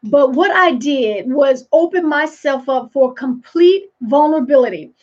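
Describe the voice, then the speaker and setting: A high-pitched woman speaks as a leadership coach in a motivational live talk. Her delivery is emphatic and preachy, with repeated phrases for weight. The sound is dull and lo-fi. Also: animated, a little slow, a little mellow.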